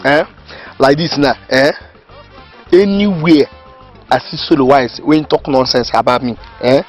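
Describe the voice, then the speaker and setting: A man's voice: mid-range voice, a little slow, soft background music, close to an everyday voice. An actor playing an indignant village man in Nigerian Pidgin who vows revenge on his accuser. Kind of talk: comedy film acting.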